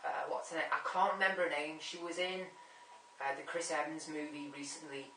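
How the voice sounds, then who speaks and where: A man talks through his film picks in a loose, rambling way, circling back and repeating himself whenever a name escapes him. His voice is bright and carries a sharp edge, but it stays fairly flat in pitch. It is recorded from a distance in an echoey room. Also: a little fast, slight background noise. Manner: rambling, keeps losing names and repeating himself. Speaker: movie vlogger ranking a top ten. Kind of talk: casual rambling film chat. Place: room at home.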